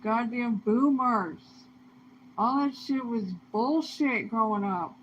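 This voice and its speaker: A woman's voice: a little high, slow. Profane ranting woman, lo-fi recording. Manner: profane, heated, swings between muttering and outbursts. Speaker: vlogger. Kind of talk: angry ranting monologue. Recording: dull lo-fi sound with faint noise.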